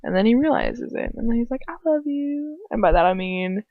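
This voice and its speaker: A woman's voice: medium pitch, expressive, quick pace, gravelly, dry recording, phone-quality sound. Giggly rambling teenage girl reader. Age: teens. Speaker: audiobook reader. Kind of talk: casual chat and reading aloud.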